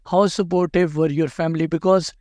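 A man hosts an interview in a direct, advising way, sometimes doubling words as he pushes a point. His voice sits a little high. The sound is dry and close. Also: fairly even intonation, fairly quick, darkish tone, dry recording. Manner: direct, advising, repeats words when emphasizing. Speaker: host interviewing a dental school applicant. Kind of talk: conversational interview.

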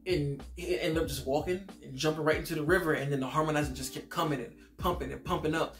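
A man's voice: fairly high pitch, fairly even intonation, fast talker, a bit bright, faint music behind. A man giving a casual, enthusiastic spoken film review, slangy and full of restarts.

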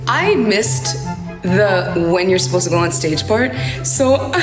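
A woman's voice: on the high side, very animated, slow pace, reverberant, over music. Giggly young woman on a livestream. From Morocco. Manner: giggly, laughs often, dramatic. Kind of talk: casual livestream chat.

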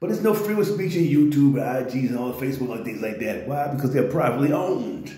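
A man's voice: mid-range voice, animated, fast, mellow. A man ranting in loose slangy commentary on a vlog, often tossing in "you know what I'm saying.". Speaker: vlogger. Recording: very echoey room.

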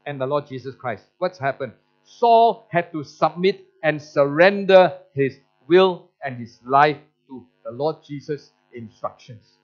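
High-voiced pastor preaching a sermon. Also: male voice, dull audio. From Malaysia. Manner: storytelling, acts out quoted voices, frequent restarts.

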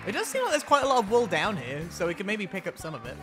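A man's voice: high-pitched, wildly swooping pitch, fast talker, music in the background. A young man from northern England with a Yorkshire accent, chatting casually while gaming live, joking and self-deprecating with lots of restarts. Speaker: streamer.

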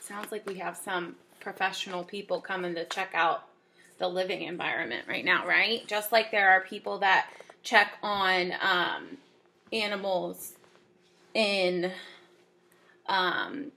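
A woman's voice: on the low side, lively intonation, slow pace, creaky. A woman teacher reading a children's book aloud to her class, her voice scratchy from allergies, stopping often to ask questions. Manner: warm, chatty storyteller who asks listeners questions.

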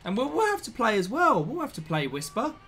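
Chatty, bouncy game streamer. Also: male voice, very high-pitched, wildly swooping pitch, fairly quick, sharp tone, slight background noise. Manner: chatty, rambling, repeats himself. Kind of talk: live-stream gameplay chat.

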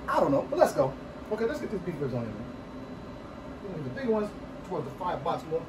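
A man's voice: a little high, sing-song, fast talker, noisy background. A man hosting a casual cooking video, chatty and hyped, repeating catchphrases to his viewers as he works. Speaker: cooking channel host. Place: home cooking area, then outdoor backyard grill. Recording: echoey, distant camera audio.

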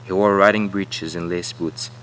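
A man reads a novel passage aloud and animates its dialogue. His tone is bright and forceful, set a little low. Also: fairly even intonation, moderate pace, slight background noise, low-quality recording. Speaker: student reader.

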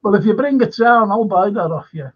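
A man's voice: high-pitched, expressive, a little fast, husky. A man hosting a live stream, reading viewer comments aloud and rambling through chatty anecdotes. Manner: reads comments aloud and chuckles at them. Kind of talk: rambling casual chat and anecdotes. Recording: lo-fi stream audio.

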